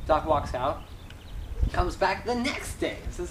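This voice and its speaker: A man telling jokes in a rambling, halting way, full of "you know", recorded by a distant camera mic. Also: on the high side, very animated. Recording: echoey, distant camera mic, noisy background.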